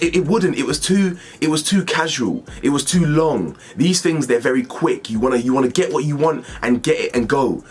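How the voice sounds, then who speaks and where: A man hosting a commentary channel, speculating about a video in a conversational way with rhetorical questions. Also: medium pitch.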